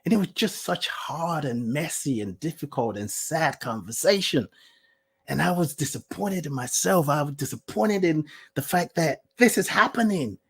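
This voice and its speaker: Animated Nigerian-born storyteller, very lively pitch. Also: normal speed, husky. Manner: animated, acts out quoted lines with big swings in pitch and loudness, laughs often. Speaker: guest host, life coach. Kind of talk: personal storytelling to an online group.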